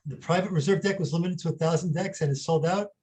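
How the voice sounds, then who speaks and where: A man's voice: fairly high pitch, fast, darkish tone, breathy edge, rough recording. A man on a panel reading lot descriptions aloud in a plain, matter-of-fact way.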